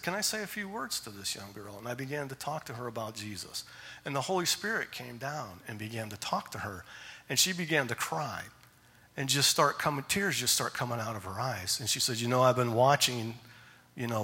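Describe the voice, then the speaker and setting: A man's voice: medium pitch, slightly rough. A man preaching a sermon to a youth group, talking straight to the kids and often checking in with them. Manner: animated, swings from loud emphasis to soft asides; addresses listeners directly with tag questions. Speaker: youth pastor.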